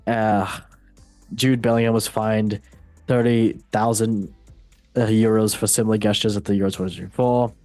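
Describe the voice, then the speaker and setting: A man's voice: lowish voice, little pitch movement, moderate pace, a little mellow, no echo, faint music behind. Playful goofy podcast host man. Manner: goofy, playful, self-mocking. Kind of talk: casual football podcast chat.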